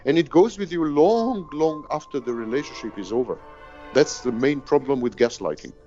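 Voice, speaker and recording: A man's voice: on the high side, lively intonation, normal speed, mellow, faint music behind. Grave man explaining abuse, lo-fi sound. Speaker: expert on narcissistic abuse. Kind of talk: explanatory commentary.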